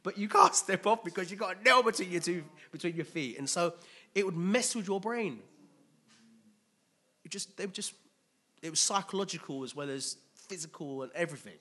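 Husky-voiced preacher. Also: male voice, high voice. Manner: conversational, animated, laughs often, many restarts. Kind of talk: expository sermon.

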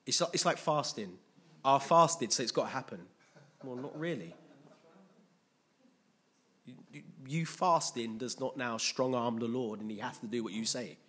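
Man preaching to a congregation, husky and chatty, keeps asking if they follow. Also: medium pitch, a bit bright. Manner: conversational, often checks in with listeners. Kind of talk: conversational sermon.

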